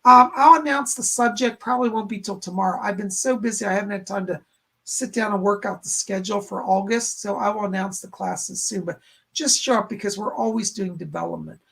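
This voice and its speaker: Male psychic host on a live stream, gravelly and breathy, chatty while relaying messages to viewers. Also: sits high, fairly quick, sharp tone. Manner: relays spirit messages and thanks donors by name, conversational.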